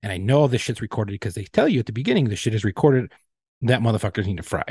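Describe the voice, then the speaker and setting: A man's voice: lowish voice, lively intonation, a little mellow, slightly rough, no echo. A man co-hosting a podcast, telling a profane, heated story in casual chat. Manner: fast, profane ranting storyteller. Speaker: podcast co-host.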